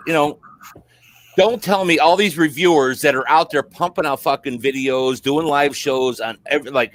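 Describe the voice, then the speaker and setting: A man's voice: medium pitch, fairly bright tone. A man hosting a casual live stream chat, talking in a profane, rambling, heated way. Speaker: host.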